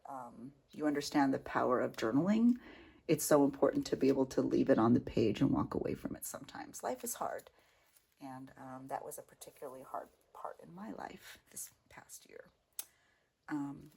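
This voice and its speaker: A middle-aged woman with a husky, breathy voice that sits low chats warmly through a journal flip-through. She gushes over little details, then drops into soft, murmured asides, and her volume rises and falls unevenly. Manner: gushing, chatty, drifting into soft murmured asides. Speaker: craft vlogger. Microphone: home setup, volume uneven.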